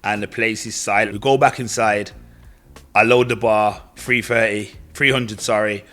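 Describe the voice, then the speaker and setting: Young man, lowish voice, slangy storytelling, faint music behind. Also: normal speed. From Britain. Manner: animated, slangy, acts out the voices of others in his story. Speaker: powerlifter telling his story. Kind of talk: casual personal storytelling.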